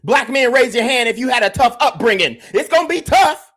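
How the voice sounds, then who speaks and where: A man's voice: extremely high pitch, animated, a little fast, fairly bright tone, husky. A man hosting a podcast, ranting emphatically in a livestream commentary and repeatedly calling out to his chat. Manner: emphatic, repetitive, addresses the chat directly. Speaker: podcast host.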